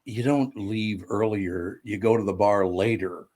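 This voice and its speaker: A man's voice: on the low side, unhurried, a little mellow. A man co-hosting a radio show in casual banter, asking puzzled questions. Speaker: radio co-host.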